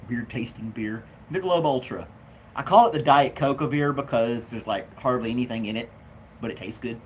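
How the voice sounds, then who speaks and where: A man's voice: mid-range voice, a little fast, a little hiss or hum. A man hosting a casual home livestream, chatting with viewers and reading their comments, with a jokey manner and a habit of laughing at his own jokes. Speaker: livestream host.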